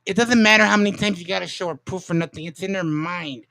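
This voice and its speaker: A man's voice: high-pitched, quick pace, vocal fry, bright, forceful tone. A man hosting a casual livestream chat, emphatic and repetitive, swearing now and then. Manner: emphatic, repeats himself, swears. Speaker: livestream host.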